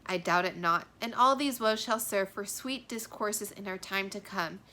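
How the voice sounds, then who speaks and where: A woman's voice: mid-range voice, normal speed, bright, forceful tone, close to an everyday voice. A woman reading the part of Romeo, a young man saying a tender farewell, with earnest, lingering verse delivery. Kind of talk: dramatic reading of a play.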